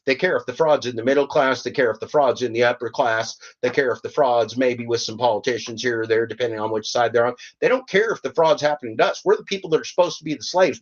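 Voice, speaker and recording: A man's voice: medium pitch, dull audio. An older man hosting a podcast, reading points aloud and breaking into fiery, rambling, sarcastic rants. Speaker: podcast host.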